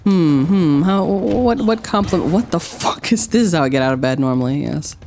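Sarcastic woman streamer, wildly lively pitch. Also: moderate pace, faint music behind. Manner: sarcastic, playful, swings between drowsy and shrieking. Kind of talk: gameplay commentary with chat.

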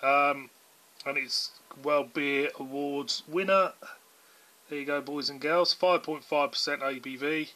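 A man's voice: fairly high pitch, fairly even intonation, a little slow, bright, forceful tone. A man with a southern English accent, casually reviewing a beer in a rambling, chatty way with lots of fillers. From England.

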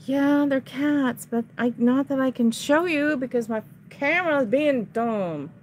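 A woman's voice: sits high, unhurried, a little hiss or hum. A woman chatting casually to viewers at home while showing resale items, easily frustrated, sighing and grumbling at her camera.

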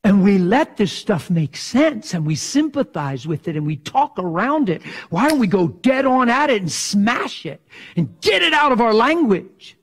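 A male preacher delivering a sermon in a somewhat high voice. He is emphatic, stretches his rhetorical questions out slowly, and keeps asking the listeners whether they follow. At other times he drops to a hushed, prayerful tone. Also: very animated. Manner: asks the crowd for assent.

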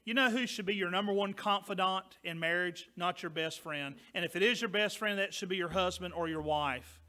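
A man preaching a sermon as pastor, loud and emphatic, dropping now and then to quieter asides. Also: high-pitched, brisk.

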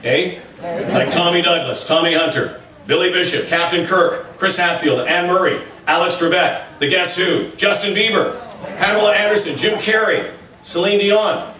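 A man's voice: sits high, steady tone, moderate pace, background noise. A Canadian man with a Canadian accent emceeing a ceremony, giving a humorous speech in punchy, upbeat lists and chuckling between lines. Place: baseball hall of fame induction ceremony. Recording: echoey PA sound from far off, loud crowd. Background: cheering crowd.

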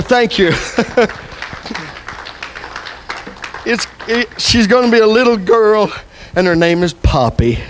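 An older man preaching a sermon to his church. He swings from loud, impassioned preaching to soft, tender asides. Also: high voice, rough recording. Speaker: pastor. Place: church sanctuary.

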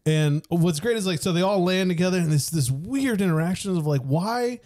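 A man in his thirties chats loosely on a podcast, often laughing and circling back mid-sentence. His voice sits a bit high with a warm, mellow tone. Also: fairly quick. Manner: rambling, laughs often, restarts mid-thought. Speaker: podcast co-host. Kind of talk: casual chat.

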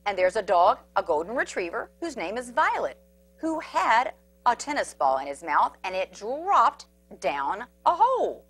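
Slow, animated woman reading a picture book. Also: on the high side, breathy edge, dry recording. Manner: animated with sound effects and asides to children. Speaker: children's storyteller. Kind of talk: picture book read-aloud.

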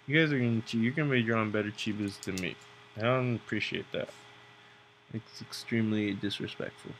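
Gravelly young man rambling while drawing. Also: mid-range voice, fairly bright tone, slight background noise. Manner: rambling, joking, self-mocking. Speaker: drawing tutorial host. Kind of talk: casual narration while drawing.

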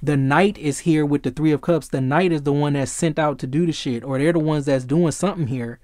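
A man giving a casual tarot reading who gets excitable, swears freely and often searches for the right word. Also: on the high side, brisk, no room sound. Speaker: tarot reader.

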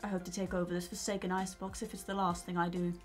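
A woman's voice: lowish voice, flat delivery, rapid-fire, soft background music, pitched below the performer's own voice, close to an everyday voice. A woman voicing a haughty, pompous game character who wants to take over. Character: snobbish pompous vegetable, would-be ruler.

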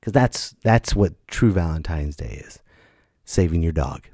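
A middle-aged man hosting a comedy podcast, telling a story as an animated storyteller who jumps into loud high put-on voices, just back from being sick. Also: a little slow, breathy edge, no room sound, clean studio sound.

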